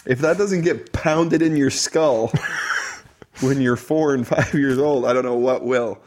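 This is a man in his thirties co-hosting a podcast, with a mid-range, darkish voice and an unhurried pace. In casual chat he tells rambling stories and laughs as he talks.

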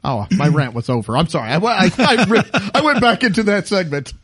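A man's voice: sits high, animated, fairly quick, fairly bright tone, slightly rough, no room sound. A middle-aged man, co-hosting a casual chat and ranting with mock outrage. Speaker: podcast co-host.

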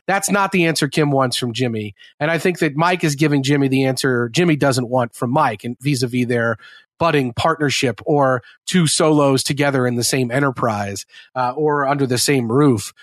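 A man's voice: medium pitch, moderate pace, dry recording, clean studio sound. A man co-hosting a podcast, chatting casually about a TV episode and acting out character lines. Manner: conversational, acts out character lines in quotes. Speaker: podcast co-host.

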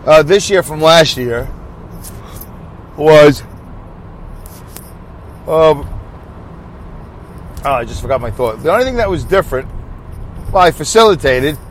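A man's voice: fairly high pitch, expressive, measured pace, long pauses, slight background noise, low-quality recording. Rambling man hosting a solo podcast. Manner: rambling, thinks aloud, answers his own questions; leads listeners through a breathing break. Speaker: podcast host. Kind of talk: casual solo podcast talk.

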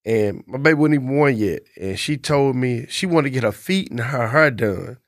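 A man's voice: mid-range voice, lively intonation, normal speed, no echo, studio quality. A man, co-hosting a casual chat and telling a long personal story in a laid-back, profane way. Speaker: podcast co-host.

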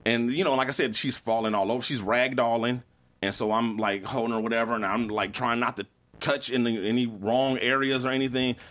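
A middle-aged male podcast host in casual storytelling mode, his voice sitting at an ordinary pitch for a man. He rambles with lots of "like" and restarts, and he slips into voices for the people in his story. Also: fairly even intonation, a little fast, fairly bright tone.

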